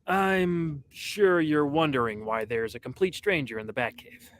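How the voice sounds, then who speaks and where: A man's voice: fairly high pitch, a little slow, a bit bright, slight background noise. A man voicing an earnest young sidekick hero in a fan audio drama. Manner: earnest, pleading.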